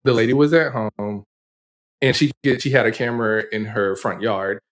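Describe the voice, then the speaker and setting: A man co-hosting a podcast in casual chat, who laughs often and tells animated, rambling stories. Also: on the low side, moderate pace. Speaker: podcast co-host.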